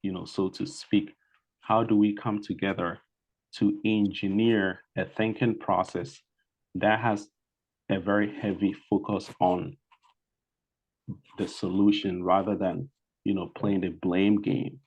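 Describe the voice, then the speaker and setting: A man's voice: low-pitched, level tone, measured pace, darkish tone, slightly rough, low-quality recording. A man from Ghana with a Ghanaian accent giving an online presentation, speaking hesitantly with many fillers and restarts. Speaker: guest speaker.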